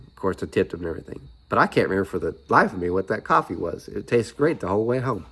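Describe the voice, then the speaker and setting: A middle-aged man, talking casually to camera in a rambling, chatty way with lots of asides. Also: low-pitched. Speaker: vlogger. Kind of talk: casual chat.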